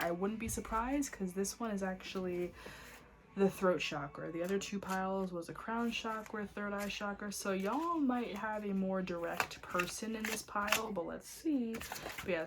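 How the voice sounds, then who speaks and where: A woman giving a casual tarot reading in a blunt, excitable way, cursing often. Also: medium pitch. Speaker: tarot reader.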